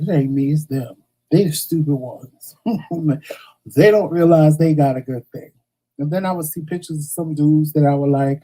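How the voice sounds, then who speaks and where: A man hosting a morning talk show, talking in a casual monologue that is blunt and animated, with slang and stuttered restarts. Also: fairly high pitch, poor audio.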